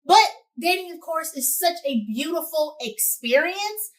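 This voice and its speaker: A young woman hosting a show, giving casual advice to camera in a sassy, animated way and talking straight to her listeners. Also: extremely high pitch, measured pace, distant mic. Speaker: host.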